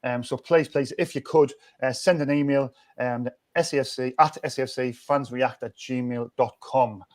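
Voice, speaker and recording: A man's voice: mid-range voice, fairly even intonation, moderate pace, darkish tone. A man, hosting a casual football fan chat, rambling and restarting often in an upbeat way. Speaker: fan channel host.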